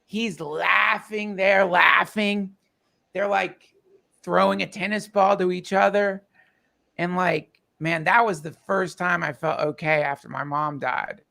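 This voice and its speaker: A man telling a personal story in casual conversation, halting and emotional, with many restarts and fillers. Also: high-pitched, fairly even intonation, vocal fry, fairly bright tone. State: tearful.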